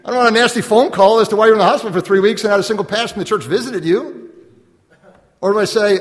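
A man preaching a sermon as a pastor, animated, acting out little dialogues and laughing often. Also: high-pitched, fast talker. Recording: long hall reverb.

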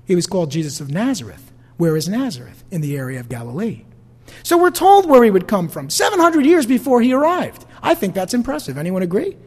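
A man's voice: high voice, sing-song, a little fast, breathy edge, big-room sound. A man with a New York-New Jersey accent preaching a sermon in a conversational way, asking the congregation questions. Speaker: pastor.

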